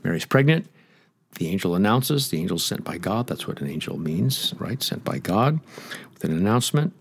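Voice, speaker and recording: A man's voice: deep voice, sing-song, moderate pace, slightly rough, no room sound. A man preaching a sermon, stressing his points and asking the listeners direct questions. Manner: emphatic, rhetorical questions to listeners.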